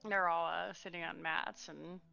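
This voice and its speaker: A young woman narrating a tabletop game as game master, halting, with many fillers. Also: lowish voice, level tone, creaky, bright, forceful tone, muffled recording, faint music behind.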